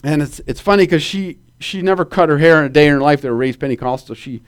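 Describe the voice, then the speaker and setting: High-voiced preacher calling for amens. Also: male voice, quick pace, clean tone. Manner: animated storytelling with calls for amen. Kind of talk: sermon.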